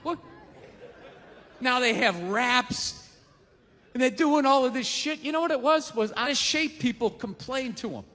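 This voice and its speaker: High, bright ranting comedian man. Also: normal speed, big-room sound. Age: 40s. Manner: ranting, profane and sarcastic. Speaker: stand-up comedian. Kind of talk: stand-up comedy set. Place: comedy stage.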